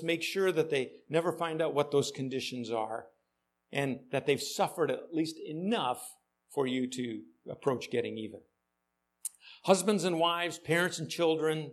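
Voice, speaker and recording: Ironic preacher man, slightly high voice. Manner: dry, ironic humor; addresses the congregation with questions. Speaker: pastor. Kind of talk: sermon.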